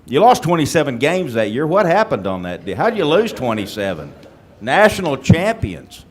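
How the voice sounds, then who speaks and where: A man's voice: a little high, huge pitch swings, moderate pace. A man hosting a reunion panel, asking teasing, joking questions. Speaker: host. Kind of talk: moderating a panel.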